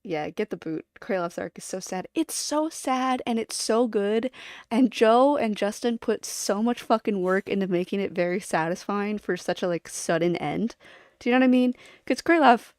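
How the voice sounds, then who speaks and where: A woman's voice: mid-range voice, moderate pace, darkish tone, dry recording, clean studio sound. A woman streamer chatting casually to her viewers, rambling and giggling as she jumps from one topic to the next.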